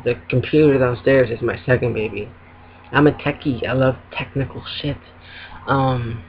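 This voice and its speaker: A man's voice: mid-range voice, a little hiss or hum. Rambling man venting on a webcam vlog. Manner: rambling, frequent ums and short laughs. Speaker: vlogger. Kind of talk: casual venting to camera. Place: at home. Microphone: laptop webcam. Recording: dull lo-fi webcam audio.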